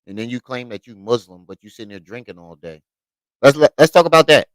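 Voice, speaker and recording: A man's voice: medium pitch, animated, fast, clean tone, no room sound, rough recording. A man giving heated reaction commentary, scolding and mocking the person in the clip and repeating his points. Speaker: commentary host reacting to clips.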